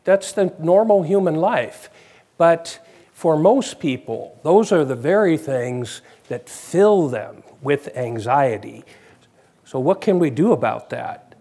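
A man's voice: fairly high pitch, animated, slow, warm tone, slightly rough. A man preaching a conversational sermon, asking his congregation questions.

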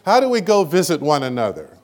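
Somewhat high in pitch, a man gives an animated, emotional sermon in a church meeting, with sudden loud climbs and halting repetitions of words.

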